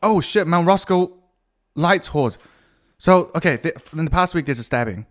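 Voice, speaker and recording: A man's voice: fairly high pitch, expressive, normal speed. A man rambles through a solo podcast episode. He is crude and self-mocking, breaking off mid-thought and circling back with fillers. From New Zealand. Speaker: podcast host.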